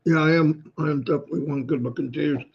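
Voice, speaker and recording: High-voiced joking man on dull call audio. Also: quick pace, vocal fry. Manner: joking, animated storyteller. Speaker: co-host of a live stream. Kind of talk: casual chat.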